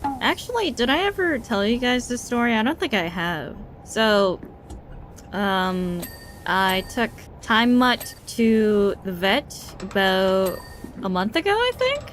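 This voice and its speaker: A woman's voice: fairly high pitch, very animated, takes it slowly, a bit bright, slight background noise. A young woman streamer telling a story in a chatty, wry way, full of fillers and self-corrections.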